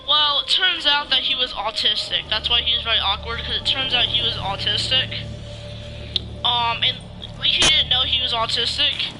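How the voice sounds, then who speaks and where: A gaming YouTuber rants casually in a vlog, his voice extremely high and his speed normal. He rambles, restarting often, filling gaps with fillers, and swearing now and then, all over a noisy background hum.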